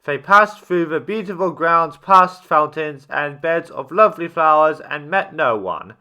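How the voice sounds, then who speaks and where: A man reading a children's story aloud, steady with small slips and restarts. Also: a little high, measured pace.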